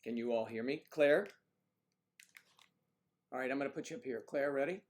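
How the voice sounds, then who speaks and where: An American man hosting a casual livestream, rambling and often clearing his throat while he fiddles with the audio. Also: mid-range voice, moderate pace. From United States. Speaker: livestream host.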